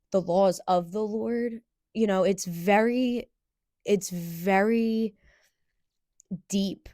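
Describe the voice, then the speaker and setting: A young woman hosting a podcast, telling a personal story in an earnest, halting way with restarts. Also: medium pitch, darkish tone, dry recording, clean studio sound. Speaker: podcast host.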